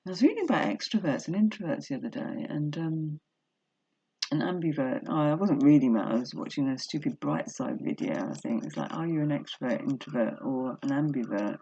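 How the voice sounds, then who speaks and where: A woman's voice: sits low, lively intonation, brisk, mellow, slightly rough, lo-fi sound. A woman vlogging from home, reading a self-help book aloud and then rambling emotionally about her life. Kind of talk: casual personal vlog with book reading. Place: indoors at home. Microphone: laptop webcam.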